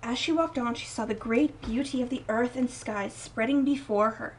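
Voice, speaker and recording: A young woman reading a picture book aloud at home, gentle and expressive, softening her voice for quieter moments. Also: on the high side, moderate pace, distant mic, a little hiss or hum, low-quality recording. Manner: gentle, expressive read-aloud with soft dips for quoted lines. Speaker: storybook reader.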